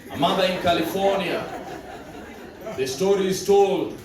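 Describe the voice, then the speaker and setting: High-voiced preacher in a booming church. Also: male voice, fairly bright tone. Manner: dramatic storytelling with repeated words. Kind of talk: sermon. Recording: echoey church from far off.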